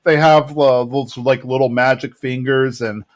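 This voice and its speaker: A man in easygoing podcast chat, recapping an episode at length with plenty of fillers and little quoted bits. His voice sits at an average pitch for a man, and he talks in a loose, conversational way. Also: steady tone. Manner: chatty, rambling retelling with fillers and quick quoted lines. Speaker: podcast co-host.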